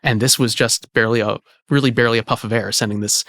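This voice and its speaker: A man, an archivist hosting the conversation, explaining in a relaxed way with lots of "you know" fillers. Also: mid-range voice, quick pace, no echo, clean studio sound. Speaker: archivist and host. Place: indoor archive space.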